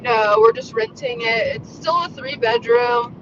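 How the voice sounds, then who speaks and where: A woman co-hosting by phone while she drives, loud and gushing, swearing and laughing as she chats. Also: fairly high pitch, big pitch swings, unhurried, lo-fi sound. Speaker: podcast co-host calling in. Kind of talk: casual chat while driving. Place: in a car. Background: road noise.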